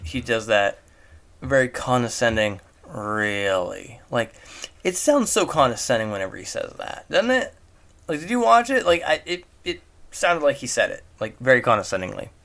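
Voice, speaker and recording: Man, mid-pitched, casual film reviewer, rambling and incredulous, keeps asking why. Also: a bit bright. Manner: incredulous, rambling, many rhetorical questions. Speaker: movie reviewer. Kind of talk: casual commentary.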